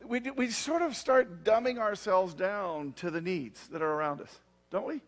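A pastor preaching a sermon in a loose, conversational way, often checking in with asides to the congregation. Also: male voice, sits high, moderate pace. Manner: conversational, frequent "you know what I mean" asides.

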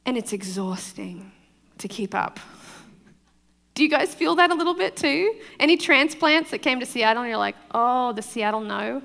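A woman pastor with a foreign accent preaches a conversational sermon, chatting, laughing easily and checking in with the crowd often. Her voice sits high with lively intonation, a moderate pace, vocal fry and a bit of brightness, trailed by long reverb.

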